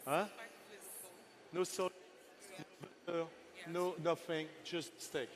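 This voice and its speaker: A man's voice: fairly high pitch, fairly even intonation, slow. A man in his sixties, a chef giving a live cooking masterclass on a festival stage, chatty and playful with his helpers and the crowd.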